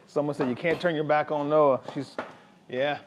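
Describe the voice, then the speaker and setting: Chatty dad cooking at home. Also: male voice, fairly high pitch, unhurried, slight background noise, poor audio. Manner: relaxed, chatty, talks to viewers while cooking. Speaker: family vlogger cooking. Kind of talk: casual cooking vlog chat. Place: home kitchen.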